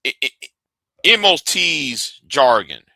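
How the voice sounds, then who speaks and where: Man, live stream rant, slow delivery, dry close sound, argumentative, repeats words. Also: medium pitch, big pitch swings, sharp tone, no echo. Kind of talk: ranting live stream commentary.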